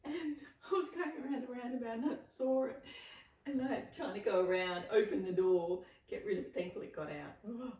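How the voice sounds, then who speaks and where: A middle-aged woman co-hosting a casual podcast, telling lively stories and acting out the voices of the people in them. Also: on the high side, fairly quick. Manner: animated storyteller, acts out voices, laughs often. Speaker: podcast co-host. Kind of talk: casual chat. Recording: echoey room, far from mic.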